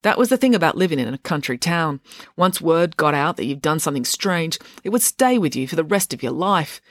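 A woman author narrating a chapter of her own book in a wry, steady storytelling manner. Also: deep voice, brisk, dry recording, clean studio sound. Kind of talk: audiobook narration.

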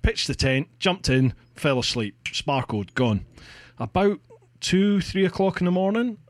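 A man with a Scottish accent, hosting a casual chat and telling stories in an animated way, acting out what people said and swearing casually. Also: high-pitched, unhurried, dry recording. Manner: animated, acts out quoted speech, swears casually. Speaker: podcast host.

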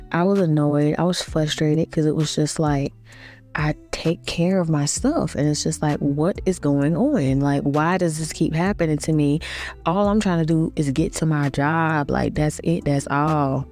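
A woman vlogger talking in a relaxed, reflective monologue, chatty and informal with many fillers. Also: low voice.

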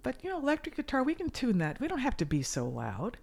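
A middle-aged woman talking as a guest musician in a casual interview, earnest and animated. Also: sits high, fast talker, gravelly. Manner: earnest and animated, with sudden loud mimicry.

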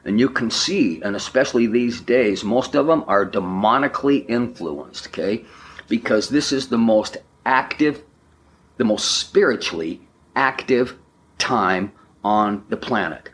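A man giving a spiritual talk, speaking slowly and emphatically, with repeated affirmations. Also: lowish voice, expressive. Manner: slow, emphatic, repetitive affirmations.

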